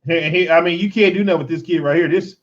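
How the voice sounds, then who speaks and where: A man hosting a casual fan show, commenting on game highlights in an animated, exasperated, joking way. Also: fast talker, lo-fi sound.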